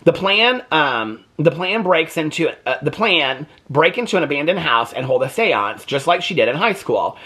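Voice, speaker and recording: Man, book vlog, casual, lively swinging pitch, husky, laughing, filler-heavy. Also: moderate pace, hardly any pauses. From United States. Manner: animated, laughing, lots of "like" fillers. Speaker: book reviewer.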